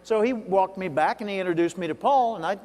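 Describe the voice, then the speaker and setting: A man's voice: high voice, fast, a little mellow. A man from Arkansas with a toned-down Southern accent, giving a keynote speech and telling folksy stories with asides to the audience. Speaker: keynote speaker. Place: large hall. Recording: reverberant hall, live event.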